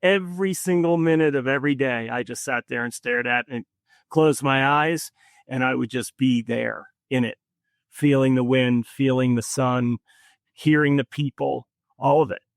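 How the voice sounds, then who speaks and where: A man being interviewed on a podcast, telling a personal story in an earnest, reflective way with many pauses. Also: medium pitch, vocal fry, no echo. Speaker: podcast guest.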